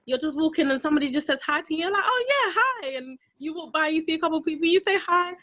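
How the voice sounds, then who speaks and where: A woman's voice: sits high, fairly even intonation, very fast, a bit bright, dry recording, highs cut off. A young woman in her twenties, chatting in a casual, upbeat way and laughing easily on a video call. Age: 20s. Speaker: team member in a meeting.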